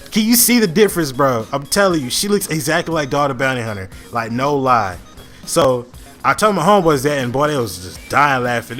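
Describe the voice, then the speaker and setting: A man's voice: mid-range voice, fairly bright tone. A young man telling a story in a laid-back, slangy way, with lots of fillers and restarts. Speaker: storytime vlogger. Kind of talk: casual storytelling.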